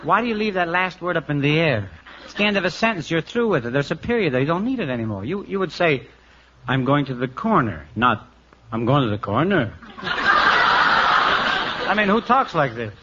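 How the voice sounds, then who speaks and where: A man's voice: on the high side, big pitch swings, moderate pace, bright, forceful tone, a little hiss or hum. A man playing the patient straight man in 1940s radio comedy. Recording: dull lo-fi old radio recording.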